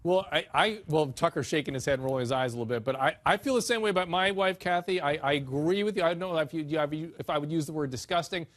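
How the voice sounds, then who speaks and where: A man hosting a talk show, a doctor who speaks briskly in quick bursts with restarts. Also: fairly high pitch, fairly bright tone.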